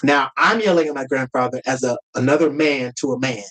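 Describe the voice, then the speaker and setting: A man's voice: mid-range voice, fairly quick, fairly bright tone, rough recording. A man as a podcast guest, telling a personal family story earnestly and with emotion, sometimes acting out heated words.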